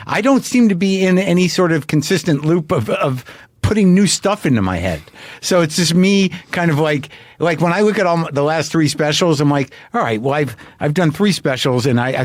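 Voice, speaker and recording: A man hosting a podcast, thinking out loud in halting, self-searching sentences. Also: a little high, no room sound. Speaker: podcast host. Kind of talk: casual conversation.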